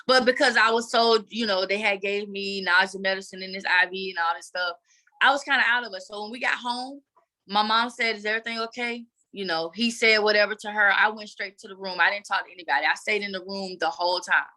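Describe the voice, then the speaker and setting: Bright-voiced woman telling her story. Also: medium pitch, brisk. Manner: earnest, animated retelling. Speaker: guest advocate. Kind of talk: candid personal storytelling.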